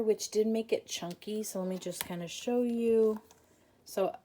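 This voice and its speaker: In this casual craft tutorial, a woman with a lowish, dark voice talks her way through some papercraft. She's self-deprecating and chatty, leans on lots of filler words, and keeps yawning as if worn out.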